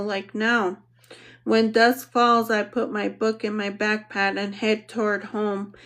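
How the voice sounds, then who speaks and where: A woman narrating an audiobook in the first person, reading in a measured, reflective way. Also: medium pitch.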